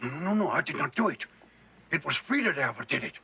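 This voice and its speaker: A man's voice: on the high side, big pitch swings, quick pace, pushed and bright, slight background noise, full character voice. An actor playing a feeble old German-accented male ex-Nazi professor who pleads and twists the blame. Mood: pleading. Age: older. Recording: dull lo-fi TV audio.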